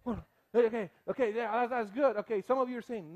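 A man preaching a sermon as pastor, animated and acting out the people he quotes. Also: very high-pitched, a little fast, muffled recording.

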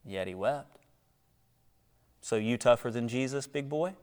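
A man preaching a sermon, swinging from hushed near-whispers to loud, high exhortations, with rhetorical questions and calls to the congregation. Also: a little slow, long pauses, clear, resonant tone. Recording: long echo of a large hall.

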